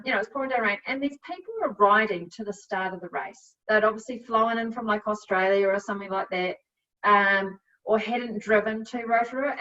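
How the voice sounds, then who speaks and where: A middle-aged woman with a New Zealand accent telling her story as a podcast guest, chatty and quick to laugh, with plenty of fillers. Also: a little high, pushed and bright. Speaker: guest, cycle coach. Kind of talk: casual storytelling. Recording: dull, a bit distant from mic.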